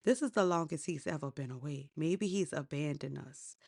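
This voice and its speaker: A woman's voice: deep voice, normal speed, creaky, darkish tone, pitched below the performer's own voice. A woman voicing a king's nagging, demanding wives, with whiny, complaining questions. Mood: worried.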